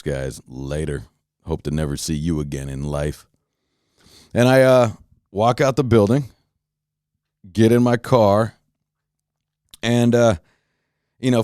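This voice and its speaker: A man hosting a podcast, telling a profane, animated story in a casual rant with many restarts. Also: on the low side, clear, resonant tone, no echo, clean studio sound. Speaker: podcast host.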